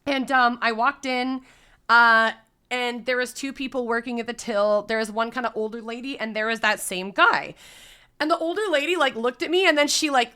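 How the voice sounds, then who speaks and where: A woman streamer casually telling a story to her chat, animated and swearing freely. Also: on the high side. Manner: animated, swears freely, breaks into loud laughs.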